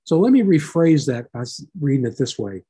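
A man leading a Bible study class, reading verses aloud and explaining them in a relaxed, conversational way. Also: mid-range voice, brisk, slight background noise. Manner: relaxed, explanatory, reads scripture aloud then unpacks it.

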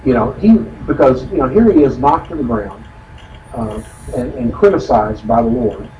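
A man leads a relaxed Bible study, explaining the text in a folksy, chatty way full of asides. He sounds distant from the mic, in an echoey room with steady noise behind him. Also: medium pitch, normal speed. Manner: explanatory, folksy, frequent "you know" asides. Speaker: Bible teacher. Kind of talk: conversational Bible study teaching.

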